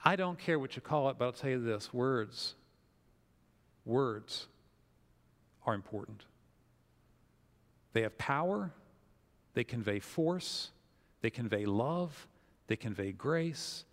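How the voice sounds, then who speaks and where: A man preaching a sermon as pastor, telling a story with lively acted-out quotes. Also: medium pitch, slow, pauses often, long reverb tail.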